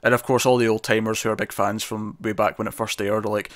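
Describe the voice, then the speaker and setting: A man's voice: fairly low pitch, little pitch movement, quick pace, a bit bright, no echo. Chatty Scottish man, dry voice. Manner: chatty and rambling, laughs often. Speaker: co-host of a TV review show. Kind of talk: casual review chat.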